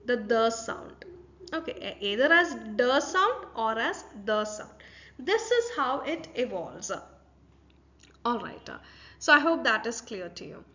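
A woman's voice: fairly high pitch, big pitch swings, measured pace, sharp tone. A woman with an Indian English accent giving a university lecture, explaining step by step and asking rhetorical questions. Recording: dull lo-fi recording.

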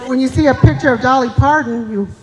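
High-voiced woman doing live stand-up. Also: fast talker, a faint crowd. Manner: folksy, chatty, teasing the audience. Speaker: stand-up comedian and emcee. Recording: live show in a reverberant hall with audience.

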